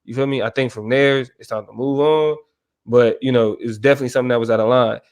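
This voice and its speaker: A man's voice: medium pitch, fairly even intonation, quick pace, clear, resonant tone. A man co-hosting a casual podcast discussion, talking emphatically and checking in with his listener. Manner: emphatic, keeps asking "you feel me". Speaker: podcast co-host.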